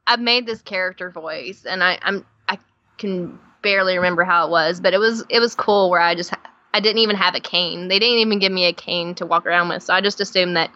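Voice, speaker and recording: A woman's voice: fairly low pitch, dull audio. A woman with a Southern drawl from Tennessee, telling stage stories animatedly as a podcast guest. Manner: animated storytelling with laughs. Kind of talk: casual conversation.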